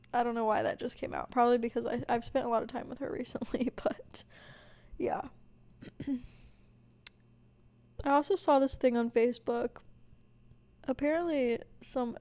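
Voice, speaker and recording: A woman's voice: fairly high pitch, darkish tone. Rambling Southern young woman podcaster. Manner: rambling, filler-heavy, self-deprecating. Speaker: podcast host. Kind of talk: casual solo podcast chat.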